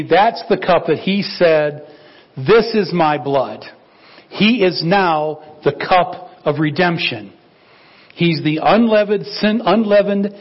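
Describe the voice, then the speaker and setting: A male pastor preaching a conversational sermon, lively and acting out dialogue from scripture. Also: fairly high pitch, breathy edge, lo-fi sound. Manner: animated, acts out biblical dialogue in quoted voices.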